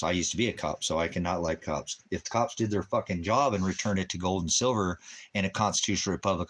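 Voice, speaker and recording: A man's voice: deep voice, a bit bright, husky. A man hosting a casual livestream, rambling and preachy and often cursing, now and then cooing at his dog. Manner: baby talk to his dog. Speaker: YouTube channel host.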